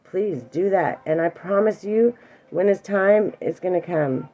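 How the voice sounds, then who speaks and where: Speaking directly to a single viewer, this middle-aged woman teaches emotional awareness in a warm, earnest, reassuring way, at times nearly crying. She talks a little slowly in a lower voice, and the sound is lo-fi.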